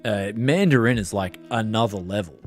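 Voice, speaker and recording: A man's voice: lowish voice, moderate pace, soft background music. An Australian man hosting a tech live stream. He chats casually and rambles, restarting his sentences often. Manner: rambling and chatty, with frequent restarts.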